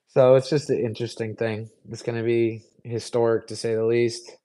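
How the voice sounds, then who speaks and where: Young man, even monotone voice, casual live Q&A, easygoing, lots of ums. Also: medium pitch, poor audio. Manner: rambling, easygoing, many fillers. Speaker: live stream host.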